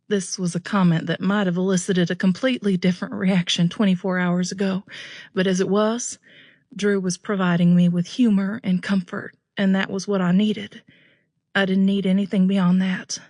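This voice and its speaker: A woman narrating a romance audiobook in a steady first-person storytelling voice. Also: medium pitch, normal speed, no room sound, studio quality.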